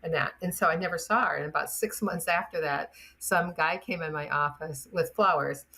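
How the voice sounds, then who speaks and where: An older woman, a chiropractor guest on a podcast, telling animated anecdotes and acting out the voices of the people in them. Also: low-pitched, normal speed. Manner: animated, acts out the voices in her stories, laughs often. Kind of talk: anecdotal storytelling.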